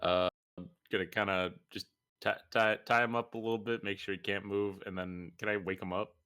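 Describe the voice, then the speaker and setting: A man's voice: lowish voice, flat delivery, fairly quick, bright, forceful tone. A man playing in a tabletop game, talking in a casual, joking way. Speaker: player. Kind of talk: casual tabletop role-play.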